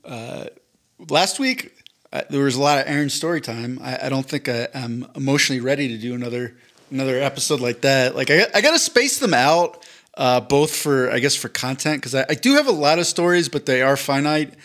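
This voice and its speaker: A man's voice: medium pitch, animated, a little fast, a bit bright. Young dude on a podcast, teasing his buddy, keeps stumbling over his words. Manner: teasing, stammers and repeats words. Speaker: podcast co-host. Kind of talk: casual chat.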